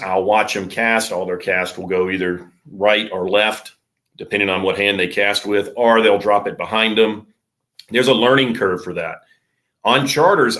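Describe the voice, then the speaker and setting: A middle-aged man, a surf fishing charter captain, explaining gear in a relaxed, practical way with plenty of fillers. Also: lowish voice. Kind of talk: casual podcast interview.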